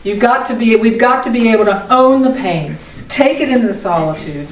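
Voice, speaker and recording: A middle-aged woman giving an earnest, emotional sermon as a minister, her voice swinging between soft and passionate. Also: a little high, expressive, moderate pace. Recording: echoey room, voice from far off.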